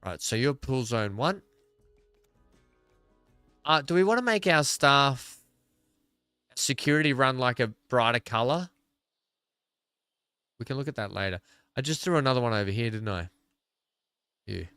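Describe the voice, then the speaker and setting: An Australian man talks his way through a building game, trailing off and thinking aloud as he goes. His voice is bright and crisp, recorded close and dry with faint music underneath. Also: mid-range voice, expressive, unhurried, pauses often, no room sound. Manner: rambling, thinking aloud while playing. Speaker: gaming video creator. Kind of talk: casual gameplay commentary.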